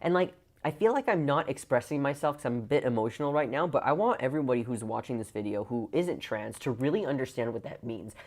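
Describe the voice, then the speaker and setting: A woman's voice: very deep voice, lively intonation, quick pace, hardly any pauses, a little mellow, a little hiss or hum. A woman vlogger ranting to her camera, impassioned and full of "like" fillers. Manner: impassioned, heavy use of "like" fillers. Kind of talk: emotional video rant.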